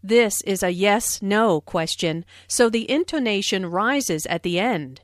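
A woman reading a scripted English lesson, explaining phrases slowly and clearly. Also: mid-range voice, expressive, no room sound, clean studio sound. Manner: slow, clear, carefully enunciated. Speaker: English teacher. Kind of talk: scripted language lesson with dialogues.

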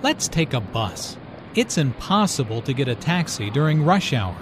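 Man in an English lesson dialogue, lively, slightly high voice, faint street noise behind. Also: moderate pace. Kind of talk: scripted dialogue for a language lesson.

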